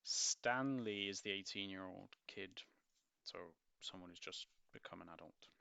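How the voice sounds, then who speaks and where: Low gravelly man musing over a book. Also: measured pace, pushed and bright, no echo. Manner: rambling, musing, self-correcting. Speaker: book reviewer. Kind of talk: casual book review with read-aloud. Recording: dull lo-fi dry recording.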